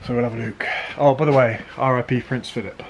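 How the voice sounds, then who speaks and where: In a quick, fairly even, mid-range voice, the British man talks through his van fit-out in the workshop, working under and inside the vehicle. Swearing comes easily, as do dry, self-deprecating asides, and the recording is noisy with clicks.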